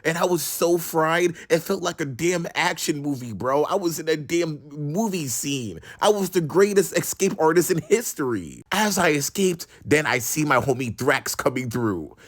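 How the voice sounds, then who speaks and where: Young male storyteller, slangy and animated, slightly high voice. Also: normal speed, hardly any pauses. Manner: animated, slangy, swings from loud to hushed. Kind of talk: casual storytime.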